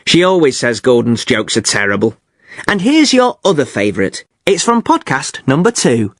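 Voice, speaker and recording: Animated man hosting a learner podcast. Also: mid-range voice, normal speed, no echo, clean studio sound. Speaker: podcast host. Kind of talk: scripted learner podcast presenting.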